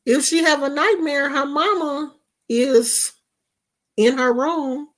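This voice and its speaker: A woman's voice: high-pitched, slow pace. A woman, chatting casually and animatedly to her viewers in a vlog. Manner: animated, talks straight to viewers with dialect and asides. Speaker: vlogger.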